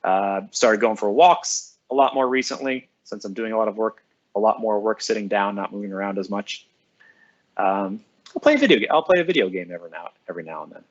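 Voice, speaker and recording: A man's voice: on the low side, lively intonation, fairly quick. Upbeat man, slightly muffled lo-fi sound. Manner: upbeat, reads out viewers' names and comments and answers them. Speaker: school librarian. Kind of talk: casual live-stream chat with students.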